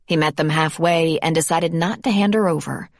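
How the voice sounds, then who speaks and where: A woman reading a romance audiobook in measured scripted narration. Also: deep voice, dry recording, clean studio sound.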